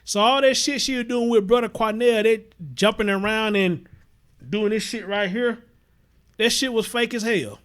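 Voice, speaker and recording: A livestream host with a Houston Southern US accent gives casual commentary bluntly and profanely, repeating himself and reading viewer comments aloud. His voice is high and a bit bright, at normal speed.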